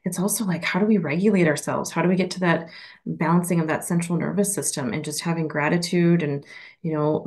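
A woman's voice: low voice, darkish tone. A woman from Minnesota with a Minnesotan accent, a podcast guest talking earnestly in long winding sentences. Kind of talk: casual interview chat.

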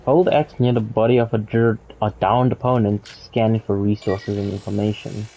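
Gravelly man in casual gameplay commentary. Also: on the low side, fairly even intonation, normal speed, warm tone, soft background music. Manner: casual, reacts aloud, swears, reads in-game text. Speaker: gaming streamer. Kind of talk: let's play commentary.

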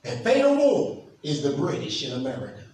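A pastor preaching a sermon, emphatic and asking the congregation questions. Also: male voice, medium pitch, wildly swooping pitch, fairly quick, a little mellow. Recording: echoey hall from far off, faint noise.

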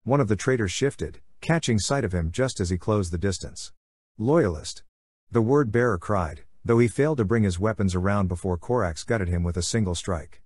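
A man narrating a fan-fiction audiobook in a steady, measured storytelling voice. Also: on the low side, no echo.

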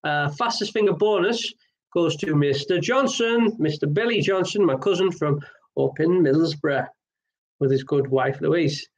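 A man's voice: on the high side, a little slow. A man hosting an online pub quiz, chatty and jokey with rambling asides. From Wales.

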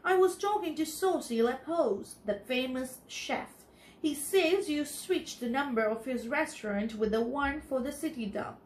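A woman's voice: high voice, unhurried, roomy sound, a little hiss or hum. A woman reading aloud as a smug prankster mouse. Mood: teasing. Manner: teasing, smug, chattery. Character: boastful prankster mouse cousin, male.

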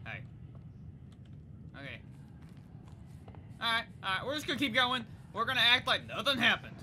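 A young woman gaming YouTuber giving excitable, chatty let's play commentary. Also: fairly high pitch, moderate pace, noisy background. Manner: excitable, chatty, reacts out loud.

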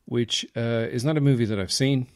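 A man's voice: medium pitch, fairly quick, no room sound, clean studio sound. A man hosting a podcast in rambling, jokey casual chat. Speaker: podcast host.

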